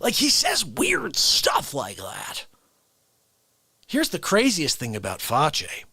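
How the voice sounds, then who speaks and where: A man's voice: fairly high pitch, takes it slowly, creaky, breathy edge, no room sound. Guy on a livestream rambling through a silly story, voice jumping all over, dry sound. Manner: rambling, animated, self-interrupting. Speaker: livestream host. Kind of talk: casual comic storytelling.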